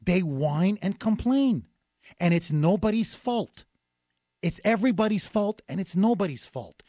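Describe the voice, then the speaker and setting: A man's voice: high voice, animated, a little slow, warm tone, no echo. A man hosting a talk radio show, delivering a combative, sarcastic rant between callers. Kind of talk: opinionated talk radio monologue.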